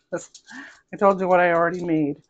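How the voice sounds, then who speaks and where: A woman's voice: lowish voice, fairly even intonation, normal speed, highs cut off. A woman with a light Southern US accent, chatting casually as a cooking vlogger, rambling and savoring food aloud.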